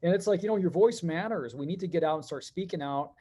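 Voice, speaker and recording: A middle-aged man telling stories as a podcast guest, animated and quick, with many fillers. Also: on the high side, breathy edge. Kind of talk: conversational podcast interview.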